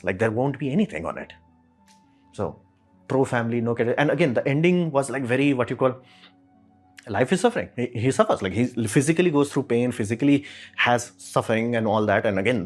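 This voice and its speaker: Rambling man with faint music behind. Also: mid-range voice. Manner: rambling, repeats "it's like", fillers. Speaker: commentator. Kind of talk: casual opinion monologue.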